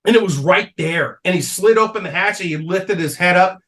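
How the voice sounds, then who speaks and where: High-voiced man telling a rowdy story. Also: brisk. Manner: animated storyteller, swears a lot, laughs mid-story. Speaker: podcast guest. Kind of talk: casual storytelling on a comedy podcast.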